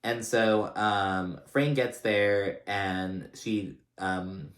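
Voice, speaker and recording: Low-voiced man rambling through a recap. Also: drawn-out words. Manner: chatty, rambling with many fillers and restarts; animated when retelling funny scenes. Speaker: reality TV recap host. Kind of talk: casual episode recap. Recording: roomy echoey room.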